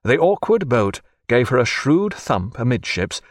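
A man reading a historical sea novel aloud as narrator, with an expressive storytelling delivery. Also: mid-range voice, measured pace, no room sound, studio quality. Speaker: audiobook narrator. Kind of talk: scripted narration.

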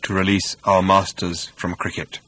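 A man voicing an ancient, cold killer robot with a cultured rasp, speaking slowly and without feeling. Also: low voice, rough recording. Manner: flat, slow, patient, deadpan.

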